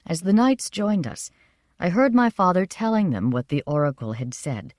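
A woman narrating a first-person story in a measured, expressive reading. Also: fairly low pitch, dry recording, studio quality. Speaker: audiobook narrator.

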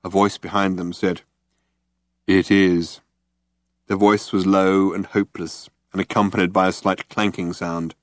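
A man narrating an audiobook with a measured, deadpan delivery. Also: low-pitched, no echo, studio quality.

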